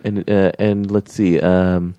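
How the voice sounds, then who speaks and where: Low mellow guy chatting on a podcast, laughs a lot, dry sound. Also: level tone, slow, dry recording, dull audio. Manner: storytelling, laughs often. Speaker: podcast host. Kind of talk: casual chat.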